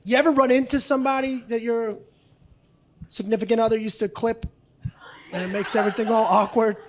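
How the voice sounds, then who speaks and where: A man's voice: very high voice, steady tone, brisk. A man doing a stand-up comedy routine on a club stage, brash and profane, often slipping into other people's voices.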